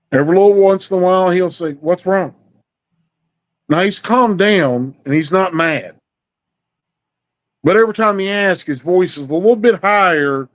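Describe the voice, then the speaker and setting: A middle-aged man telling a story in a folksy, drawling way, acting out the dialogue. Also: a little high. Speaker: storyteller guest. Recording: dull lo-fi recording.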